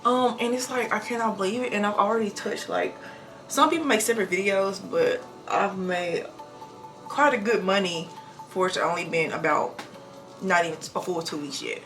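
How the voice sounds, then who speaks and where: A young woman in her twenties talking fast and casually while getting ready in her bathroom, recorded on a camera mic. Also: mid-range voice, a bit bright, faint music behind. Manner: talks fast without pauses, breathy between sentences. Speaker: nurse vlogger. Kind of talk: casual get-ready-with-me vlog. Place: home bathroom.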